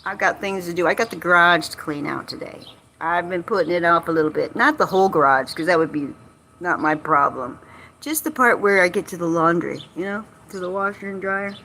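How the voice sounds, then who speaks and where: Brisk and pushed, her lowish voice comes across bright, with a little hiss or hum in the recording. She's a vlogger with a Southern US accent, casually rambling and joking on a livestream by a lake outdoors, folksy and a bit salty.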